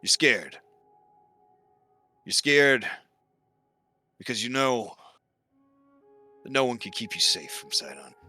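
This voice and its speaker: A man voicing a weary, grumbling god-blooded warrior who speaks low and solemn. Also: very animated, slow, pauses often, bright, forceful tone, soft background music, full character voice.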